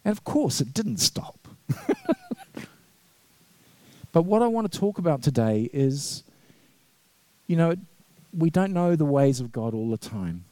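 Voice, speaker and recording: A man's voice: a little high, very animated, unhurried, long pauses, warm tone, dry recording. A middle-aged man, a vicar, preaching a conversational sermon full of anecdotes, laughing often and acting out the quotes. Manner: chatty storyteller, laughs often, acts out quotes. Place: church.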